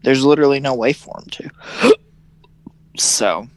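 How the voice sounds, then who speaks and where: A man's voice: medium pitch, a little slow, no echo. A young man co-hosting a casual podcast chat, joking and slipping into mocking character voices. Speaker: podcast co-host.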